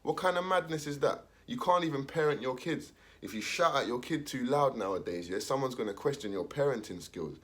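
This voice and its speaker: A man's voice: medium pitch, lively intonation, a little fast, hardly any pauses, a bit bright. A young man, talking casually in street slang, ranting his opinion and acting out the voices of others. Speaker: commentator.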